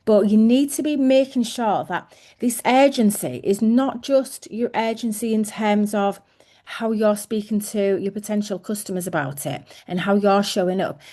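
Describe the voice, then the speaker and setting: A woman's voice: medium pitch, moderate pace, dark tone. A woman in her thirties giving a chatty coaching talk to her sales team as team leader, with many fillers and restarts.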